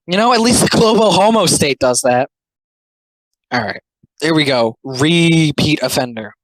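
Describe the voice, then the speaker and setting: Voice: medium pitch, expressive, unhurried, no echo, rough recording. A speaker giving casual, rambling, sarcastic commentary on comics, full of filler words. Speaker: commentary host.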